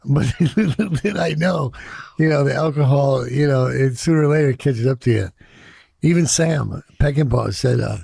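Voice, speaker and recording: A man's voice: medium pitch, moderate pace, warm tone, no echo, studio quality. A man in his sixties from Chicago, telling personal stories in a candid, profane, reflective way during an interview and acting out the voices of people he quotes. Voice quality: gravelly and husky.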